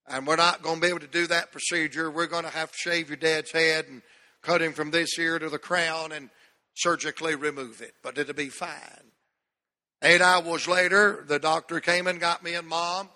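A man's voice: on the high side, pushed and bright. A man preaching a sermon to a church congregation, telling a folksy story and drawing out key words for emphasis. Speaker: pastor. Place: church sanctuary. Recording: long church hall reverb.

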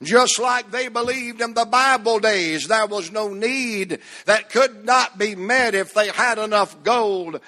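A high, bright-voiced male pastor preaching in a church sanctuary. He talks slowly and builds emphatic, repeated phrases to loud peaks. Long reverb from the hall trails every line. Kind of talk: sermon.

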